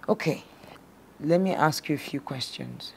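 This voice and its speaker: An actress playing a counseling show host who calmly and steadily urges her guests to calm down. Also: deep voice, unhurried, creaky, husky, exaggerated voice. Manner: calm, soothing, repeatedly pleads for calm. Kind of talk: scripted drama acting.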